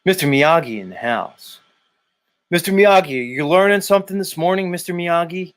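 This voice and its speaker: A man's voice: high-pitched, animated, moderate pace. A man in his forties hosting a live stream, loosely bantering with viewers, greeting them by name and swearing now and then. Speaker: livestream host. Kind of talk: casual chat reading viewer comments.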